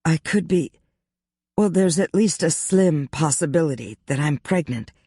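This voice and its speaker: Pippa is an anxious, frank young woman as the narrator reads her, confiding her worries in a rueful tone. The voice is close and dry and sits at a middle pitch. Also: expressive, a little slow, warm tone, husky, dry recording.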